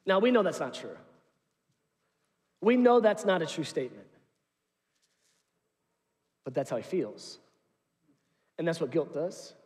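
A male pastor preaching a sermon in a church, telling stories in an animated, humorous way. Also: a little high. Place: church sanctuary. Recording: long reverb of a large hall.

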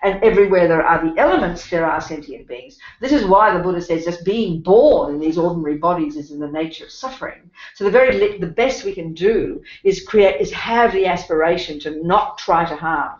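A woman's voice: lowish voice, lively intonation, fairly quick, few pauses. An Australian woman gives a Buddhist teaching talk to a class in a blunt, emphatic way, calling her listeners honey and sweetheart. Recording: roomy, dull lecture-room recording.

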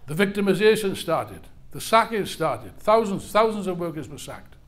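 An older man delivers a fiery political speech at a rally. His voice sits high for a man, and he drives his points home by repeating key words with force. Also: big pitch swings, normal speed, fairly bright tone. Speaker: rally speaker.

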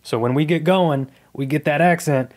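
A man in his thirties, appearing as a comedian guest on a podcast, recounts his life story casually, earnestly and reflectively. His voice sits a little high with a darkish tone, and he speaks at a moderate pace.

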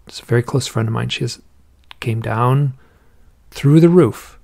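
Guy with a gravelly voice rambling thru stories, lots of restarts, mid pitch. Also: a little slow, darkish tone. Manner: rambling, restarts often, acts out quoted voices. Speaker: podcast guest, author on owls and UFOs. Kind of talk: casual interview storytelling.

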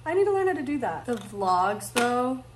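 A woman's voice: fairly high pitch, big pitch swings, moderate pace, background noise. A young woman talking casually to camera for her vlog, rambling with lots of fillers and laughing often. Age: young adult. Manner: rambling, filler-heavy, giggly. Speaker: vlogger.

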